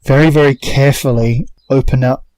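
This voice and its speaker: Deliberate male tabletop player. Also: mid-range voice, steady tone, darkish tone, no echo, low-quality recording. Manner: deliberate, halting, self-correcting. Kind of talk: playing a tabletop game.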